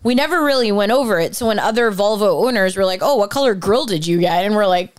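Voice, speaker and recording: A woman co-hosting a casual podcast conversation, chatty and quick to laugh. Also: mid-range voice, animated. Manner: chatty, laughs easily, frequent backchannel. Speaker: podcast co-host. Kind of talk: casual chat.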